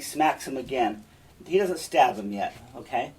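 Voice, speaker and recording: A man's voice: mid-range voice, lively intonation, measured pace, a little mellow, far from the mic, rough recording. Casual male teacher explaining a play. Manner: casual, chatty explaining with asides.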